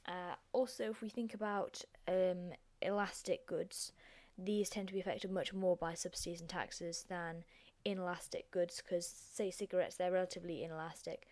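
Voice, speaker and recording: A young woman with a croaky, hoarse voice, hosting a chatty, self-deprecating revision lesson. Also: on the low side, flat delivery, normal speed, a little mellow. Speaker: revision video host.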